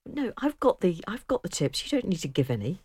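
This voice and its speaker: A woman's voice: lowish voice, sing-song, fairly quick, darkish tone, husky, dry recording. A middle-aged woman, co-hosting a casual chat, talkative and self-deprecating with frequent laughter. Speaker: co-host.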